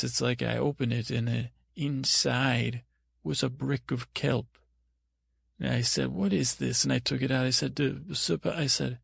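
A man playing a dim, dreamy young prince, telling an improvised comic bedtime story in a meandering, halting way. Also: mid-range voice, vocal fry, fairly bright tone, breathy edge, no room sound, studio quality, heavily acted. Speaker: podcast host.

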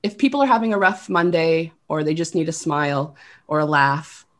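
A woman's voice: sits low, expressive, normal speed. A woman from Canada, a guest on a podcast, bubbly and enthusiastic, with lots of "like"s. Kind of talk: casual podcast chat.

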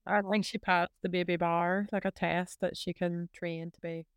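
Smooth-voiced, easygoing British woman. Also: fairly low pitch, level tone, normal speed, no echo, studio quality. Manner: easygoing, chatty, hedges with "like". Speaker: podcast co-host. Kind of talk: casual chat.

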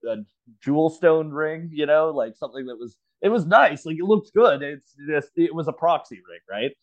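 Speaking at a moderate pace, this podcast co-host has a fairly high voice with lively intonation. He's at home on a remote call, spinning a story amid casual banter, cursing and laughing a lot, and the sound is somewhat dull and lo-fi.

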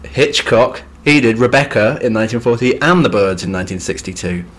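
A man's voice: medium pitch, expressive, a little fast. A man co-hosting a literature podcast, giving background in a dry, understated chat with wry asides. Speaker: podcast co-host.

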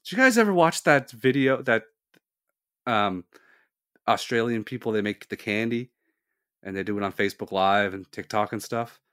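A man's voice: on the low side, animated, normal speed, long pauses, fairly bright tone, clean tone. Laughing, joking man podcaster. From Canada. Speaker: podcast co-host. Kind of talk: casual chat.

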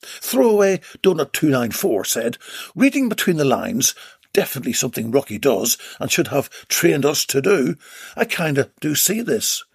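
A comedy podcast host reads listener comments aloud as a comic monologue, adding cheeky, mock-dramatic asides. His voice is set a little high, quite husky, and swings widely in pitch at a normal speed. The recording is close and dry.

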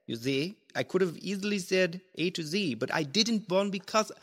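A performer putting on a fussy, self-satisfied upper-class British gentleman in an improvised comedy sketch. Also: mid-range voice, lively intonation, normal speed, big-room sound. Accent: put-on upper-class British. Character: pompous posh British gentleman, Bond's superior.

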